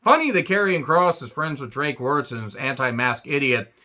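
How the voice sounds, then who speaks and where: A man's voice: mid-range voice, expressive, normal speed, sharp tone. A man ranting through a wrestling show recap with sarcastic crude jokes and frequent swearing.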